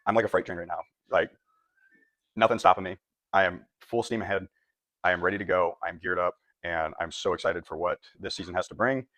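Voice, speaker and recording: A young man talks straight to camera in a reflective bodybuilding vlog, quick and earnest, often catching and correcting his own words. His voice sits a little low, and the sound is dry and close with no room echo. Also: fairly even intonation, a bit bright. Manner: earnest, often correcting himself mid-sentence. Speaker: competitive bodybuilder and vlogger.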